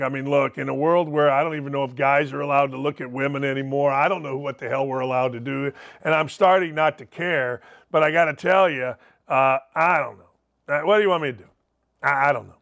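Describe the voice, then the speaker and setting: Male sports talk host, high pitch, brash rambling monologue. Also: creaky, a bit bright. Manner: brash, rambling, punchy asides.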